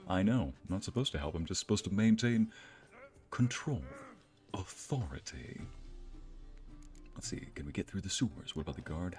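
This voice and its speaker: A playful male streamer with a slightly low voice chats with his viewers while he plays. He reads their messages aloud and jokes about them, with game music faintly behind him. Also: moderate pace. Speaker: streamer and narrator. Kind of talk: casual live-stream commentary.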